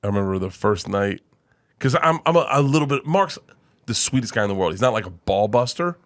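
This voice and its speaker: A man's voice: lowish voice, expressive, brisk. A man telling stories as a guest comedian in a studio, laughing often and swearing freely. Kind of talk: casual storytelling.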